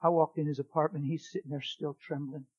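A middle-aged man preaching, telling a testimony in a dramatic way that swings from loud exclaiming to a hushed near-whisper. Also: on the high side, level tone, a little fast, breathy edge, lo-fi sound. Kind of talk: sermon testimony storytelling.

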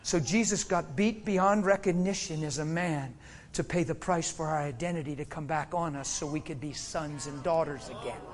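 Preaching a sermon at normal speed, a Pennsylvania man uses a high voice that lurches from shouts to hushed near-whispers. He laughs frequently as he goes.

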